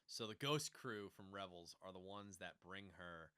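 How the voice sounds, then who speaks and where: A man co-hosting a podcast, chatting casually and animatedly about a TV show, jumping into quick character impressions. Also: deep voice, bright, forceful tone, clear, resonant tone, no echo. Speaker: podcast co-host. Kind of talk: casual chat recapping a TV show.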